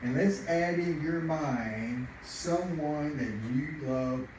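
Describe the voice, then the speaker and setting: A middle-aged man preaching a sermon, chatty and animated, telling family stories and laughing along. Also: on the high side, slow. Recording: echoey room, distant mic, noisy.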